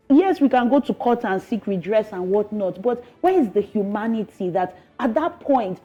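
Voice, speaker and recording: A woman in her thirties with a Nigerian English accent, giving an emotional, earnest news interview, halting and pleading at times. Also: fairly high pitch. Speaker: interviewed resident. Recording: slightly dull broadcast audio with faint music.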